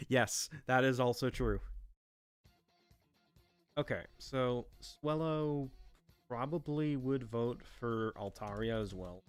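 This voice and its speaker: A young man rambles through a fan-made game in an unscripted, offhand way, full of fillers and casual swearing. His voice is smooth and clear at an ordinary middle pitch, with faint music behind him. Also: dry recording.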